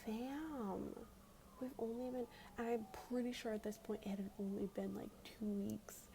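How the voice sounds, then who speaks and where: A woman's voice: mid-range voice, fairly even intonation, moderate pace, warm tone, a little hiss or hum. A young woman telling a story in whispered ASMR storytime, chatty and full of fillers, close to the mic at home. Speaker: ASMR creator.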